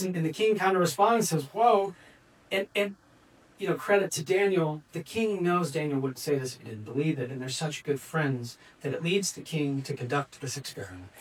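A man's voice: a little high, a bit bright, poor audio. A man telling an old story as an informal lesson, in a conversational way with fillers and restarts.

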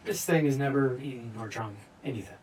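Guy playing a cool clever advisor, flat and low-key, dry like nothing bugs him, mic's a bit far. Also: fairly quick, a little hiss or hum, natural voice. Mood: dismissive. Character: calm, clever male royal advisor, dry and unbothered.

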